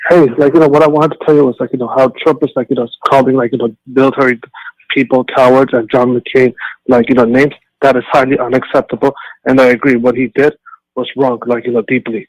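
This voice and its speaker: A man calls in over a phone line, speaking quickly with a mid-range voice. He peppers nearly every phrase with "like, you know," and the sound is dry and close. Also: medium pitch, little pitch movement, no room sound. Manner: fast, filler-heavy, constant "like, you know". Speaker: caller.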